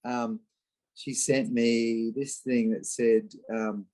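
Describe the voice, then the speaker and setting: A man, a guest in an interview, telling candid personal stories in an animated way and acting out the voices of the people he quotes. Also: medium pitch, takes it slowly, low-quality recording. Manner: animated, acts out quoted voices, frequent restarts. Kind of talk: candid conversational storytelling.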